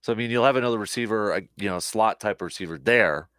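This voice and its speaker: A man hosting a casual sports talk show, rambling and animated, with lots of fillers and restarts, a little short on sleep. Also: on the low side, fast, clear, resonant tone, dry recording, studio quality.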